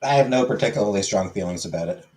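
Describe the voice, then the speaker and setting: A man answering casual questions in a podcast chat with dry, deadpan humor. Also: on the low side, fast talker.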